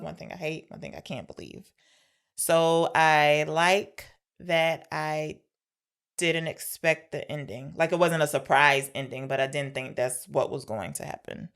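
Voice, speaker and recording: A woman co-hosting a podcast, chatting casually about an old film, explaining the segments and arguing playfully. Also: deep voice. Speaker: podcast co-host. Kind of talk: casual film-review chat.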